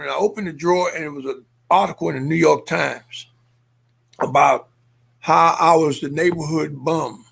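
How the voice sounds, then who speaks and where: A man's voice: on the high side, normal speed, creaky, fairly bright tone, husky. An older man, a former Olympian and activist, telling stories with emphatic force and checking in with his listeners. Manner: emphatic, checks in with 'Okay?' and 'Understand?'. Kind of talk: impassioned storytelling.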